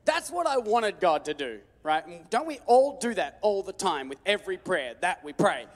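A man preaching a sermon, telling a story with lively jokes and acted-out voices. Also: sits high, normal speed. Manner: animated, joking storytelling with acted-out quotes. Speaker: pastor. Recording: long hall reverb.

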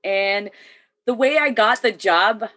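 A woman's voice: mid-range voice, slow pace, fairly bright tone. A woman in her thirties, a military veteran, talking as a guest in a casual chat and often laughing between sentences. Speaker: podcast guest.

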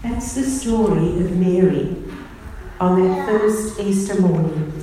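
A woman preacher giving a sermon in a slow, reflective manner. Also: fairly low pitch, background noise. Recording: echoey hall from far off.

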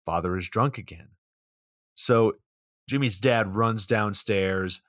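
A man with a fairly low voice recaps a film for a podcast. He narrates with sarcastic, profane play-by-play. His voice sounds dry and close to the mic. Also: takes it slowly, fairly bright tone, dry recording. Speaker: podcast co-host. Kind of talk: comedic movie recap.

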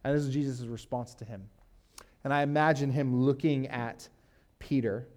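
Mellow-voiced man preaching casually. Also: mid-range voice, fairly even intonation, normal speed. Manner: casual, uses "like" and fillers, reads scripture aloud. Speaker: pastor. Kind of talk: conversational sermon teaching.

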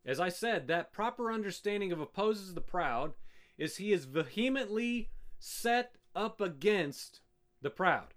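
A man delivering a sermon from the pulpit. His voice sits high and swings widely in pitch as he presses the congregation with pointed rhetorical questions. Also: unhurried. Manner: rhetorical questions, emphatic and animated. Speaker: pastor.

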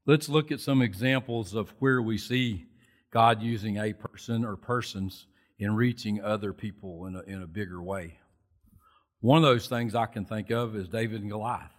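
A man preaching a sermon at a church service, telling Bible stories in a folksy, animated way. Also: lowish voice, normal speed. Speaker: lay preacher.

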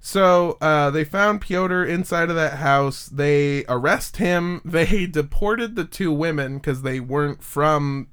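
A man with a fairly high voice tells a story to his co-hosts in a loose, profane way. He wanders into asides as he goes. The talk stays relaxed and chatty. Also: slow pace, few pauses, clear, resonant tone. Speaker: podcast host telling a true-crime story. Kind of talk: casual chat.

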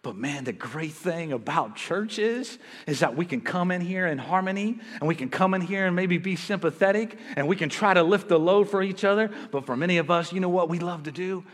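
A man preaching a sermon as pastor, energetic and joking with his congregation. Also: high-pitched, a little fast, hardly any pauses. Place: church sanctuary. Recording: reverberant church hall.

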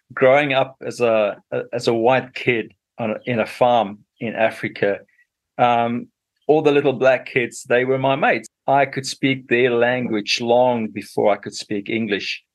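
A man's voice: mid-range voice, steady tone, unhurried. A middle-aged man from Zambia with a Zambian accent, a radio interview guest telling his story unhurriedly with many fillers.

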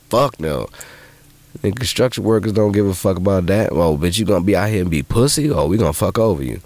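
A man hosting a podcast who tells profane, animated stories in casual monologue and jumps into high voices when he quotes people. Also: dry recording. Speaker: podcast host.

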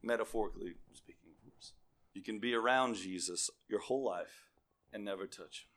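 Man, preacher, sermon, bright forceful tone, reads scripture, calls out to the congregation. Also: fairly low pitch, a little fast.

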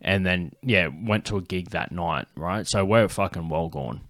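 A man's voice: sits low, a little slow, a bit bright, no echo, studio quality. Swearing Australian man telling stories. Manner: swears a lot, laughs often, rambling anecdotes. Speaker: podcast host. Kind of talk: casual podcast chat, storytelling.

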